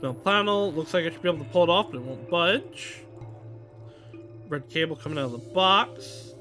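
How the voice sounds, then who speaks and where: A man's voice: fairly high pitch, moderate pace, sharp tone, soft background music. A man streaming a video game live, thinking aloud and reading out game text as he plays. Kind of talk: live game playthrough commentary.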